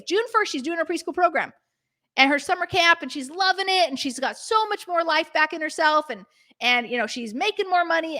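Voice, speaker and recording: A woman's voice: high voice, sharp tone. A woman hosting a casual live stream, chatty and bubbly, with lots of fillers. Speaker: host of a live stream for preschool owners.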